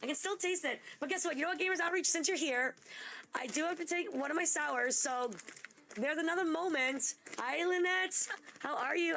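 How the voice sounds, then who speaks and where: Bubbly gushing woman streamer, high voice. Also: a little hiss or hum. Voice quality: gushing, excitable, chatty. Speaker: livestream host. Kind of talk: casual live-stream chat.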